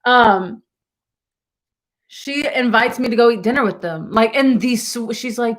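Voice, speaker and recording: A woman's voice: on the high side, lively intonation, moderate pace. A young woman vlogger telling a rambling story to her viewers with lots of asides and laughter.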